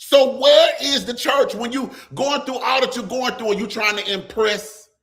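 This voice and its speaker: His pitch is extremely high and his tone fairly bright as this man, a pastor hosting a live stream, preaches at a moderate pace. He talks straight to viewers in the comments, calling out "come on" again and again in a call-and-response manner and sliding into sung phrases.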